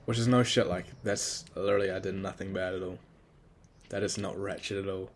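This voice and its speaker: Young man, slightly low voice, casual solo monologue, rambling, cursing, self-critical. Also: fairly even intonation, fairly quick, slight background noise. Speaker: podcast host.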